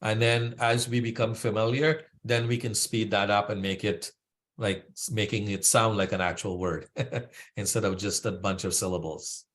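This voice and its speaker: A man's voice: fairly low pitch, fairly even intonation, moderate pace, a bit bright. A man teaching a devotional class how to pronounce Sanskrit verses, patiently breaking words into syllables and often checking in with "right?".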